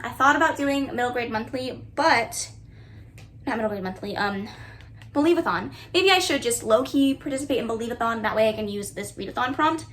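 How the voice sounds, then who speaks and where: A woman's voice: a little high, fairly bright tone, slight background noise. A young woman chatting casually and giggling as she narrates her own vlog at home. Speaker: booktuber. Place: bedroom with bookshelves, indoors.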